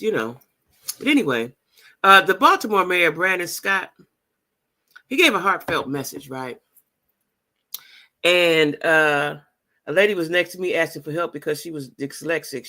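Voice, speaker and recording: A middle-aged woman vlogger talks straight to her viewers in a casual vlog, her voice low with a sharp tone. She speaks emphatically and repeats phrases for emphasis.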